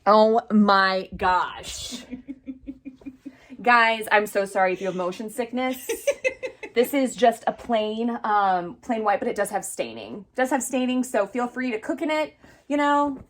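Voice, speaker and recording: A woman's voice: a little high, normal speed. Rambling, chatty woman filming on a phone. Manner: rambling, lots of fillers and self-corrections, laughs easily. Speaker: vintage shop host showing items. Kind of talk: casual chatty storytelling vlog. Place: vintage clothing storeroom, indoors. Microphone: phone held by a helper.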